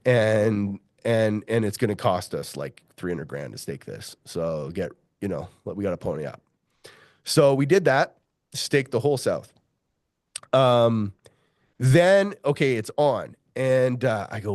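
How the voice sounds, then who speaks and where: A man's voice: lowish voice, measured pace, no echo, studio quality. A middle-aged man, a mining geologist, telling a long story in an interview, swearing freely and acting out the voices of the people he quotes. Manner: profane, animated, acts out quoted voices.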